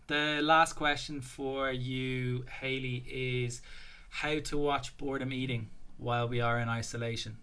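A man's voice: mid-range voice, little pitch movement, unhurried, sharp tone, clean tone. An Irish man hosting a fitness podcast, talking bluntly and casually, with the odd swear. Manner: blunt and sweary, level delivery. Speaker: podcast host.

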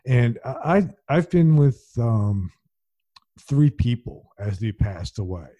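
A man's voice: medium pitch, animated, takes it slowly, warm tone. A man interviewing his guest, talking in a hesitant way with frequent restarts. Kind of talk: casual interview.

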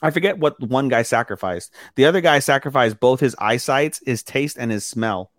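In a clean, dry studio recording, a podcast co-host with a mid-range voice recaps an episode at a moderate pace. His retelling is animated and casual, and he acts out characters' lines with lots of "he's like."

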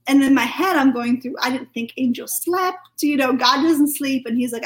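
A British woman, a podcast guest, telling a personal testimony in a chatty, lively way full of fillers. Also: high-pitched, a little fast, few pauses, rough recording. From United Kingdom.

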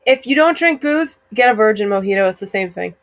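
A woman's voice: medium pitch, lively intonation, brisk, no room sound. A young woman, co-hosting a casual podcast chat, bubbly and giggly. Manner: bubbly, giggly, slips into joke accents. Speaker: podcast co-host.

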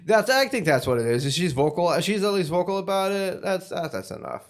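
A man's voice: high voice, sing-song, fairly quick. A young man in casual, crude banter, laid-back and mumbly, laughing often.

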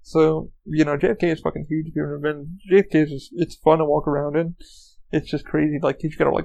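An Orlando, Florida man hosts his own podcast, rambling through a casual story packed with swearing, fillers and restarts. His voice is fairly high and a little mellow, delivered rapid-fire with a creaky edge, on a low-quality recording.

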